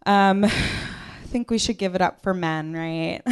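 A female comic works a live stage with a handheld mic, her humor dry, deadpan and self-deprecating. She speaks slowly and smoothly at a medium pitch.

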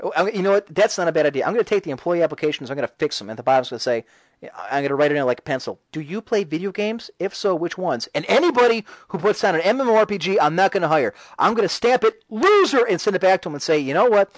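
A man's voice: on the high side, expressive, racing, no echo, poor audio. A man hosting a casual talk radio show, reading and answering chat messages in a sarcastic, ranting way.

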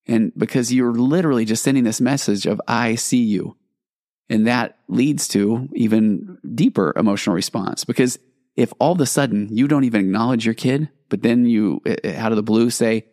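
A man hosts a reflective solo podcast, speaking earnestly about parenting, acting out little dialogues with his kids and adding self-deprecating asides. His mid-range voice has a darkish tone and normal speed, captured in clean studio sound with no room sound.

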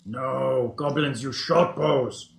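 A man's voice: medium pitch, steady tone, takes it slowly, creaky, reverberant, voice pushed down. A man voicing a male goblin captive who talks in broken, clipped grammar in a tabletop game. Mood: informing.

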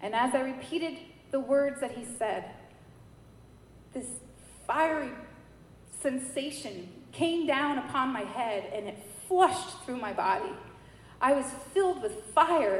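A woman from New York giving a personal faith testimony, telling her story in a lively way and acting out the dialogue. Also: sits high, a little slow. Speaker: church member giving testimony. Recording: echoey hall with faint noise.

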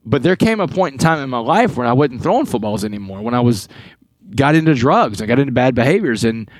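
A man from Texas telling his life story as a podcast guest, earnest and animated, acting out dialogue as he goes. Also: medium pitch, fast, no room sound. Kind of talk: storytelling interview talk.

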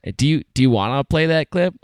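A man's voice: a little high, lively intonation, quick pace, darkish tone, dry recording. A man co-hosting a podcast in casual chat, agreeable, often chiming in briefly. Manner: agreeable, short interjections. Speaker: podcast co-host.

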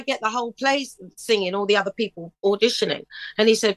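A middle-aged woman telling stories in a casual interview, lively, breaking into bits of song. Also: medium pitch, quick pace, no room sound, rough recording. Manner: animated storyteller, bursts into snatches of song. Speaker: guest singer.

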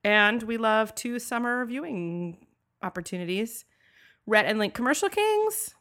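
A woman's voice: a little high, lively intonation, unhurried, fairly bright tone. A woman co-hosting a podcast in casual chat, chatty and enthusiastic, often trailing off mid-sentence. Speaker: podcast co-host.

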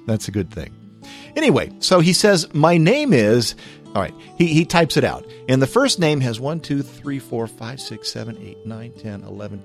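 An American man hosting a podcast, chatting loosely and chuckling as he answers listener questions, with many fillers and restarts. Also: medium pitch. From United States. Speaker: podcast host.

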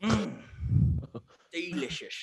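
A man's voice: on the high side, expressive, slow, vocal fry, slightly rough, full character voice. A man voicing a washed-up male adventurer hooked on healing potions, who talks in a rambling, easygoing way. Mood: greedy.

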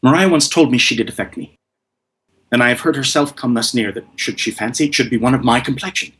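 A man's voice: mid-range voice, quick pace, fairly bright tone, close to an everyday voice. A man performing a proud, lovesick male steward in a classical stage monologue, played earnestly and straight.

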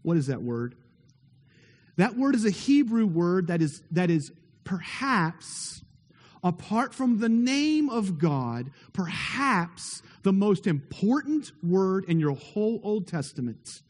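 A man with a high, sing-song, darkish voice preaches as pastor at a measured pace. He is earnest and emphatic, layering repeated phrases and rhetorical questions, recorded with a large hall's long reverb.

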